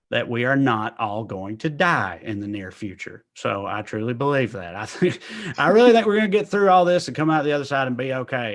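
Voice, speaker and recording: A man's voice: medium pitch, fairly bright tone. Easygoing man with a thick Southern drawl. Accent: Southern US, East Tennessee. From Tennessee, US. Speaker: comedian guest. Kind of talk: casual interview chat.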